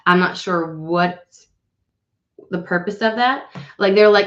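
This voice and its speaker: A woman's voice: on the low side, a little slow, fairly bright tone. A woman hosting a casual tarot live stream from home, chatting in a rambling way and swearing freely as she talks into a webcam. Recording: roomy, slightly dull home webcam audio.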